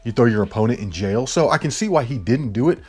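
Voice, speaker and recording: A man rants through a heated political commentary, loud and almost yelling throughout, bluntly swearing and repeating his points again and again. His mid-range voice is animated, fast and slightly rough, with faint music playing behind him.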